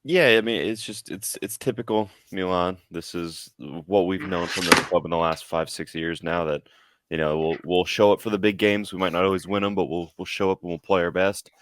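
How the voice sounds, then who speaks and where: A man's voice: sits low, fairly even intonation, a little fast, fairly bright tone. A tired man co-hosting a football podcast, ranting with frustration and repeating words. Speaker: podcast co-host. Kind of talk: casual football podcast rant.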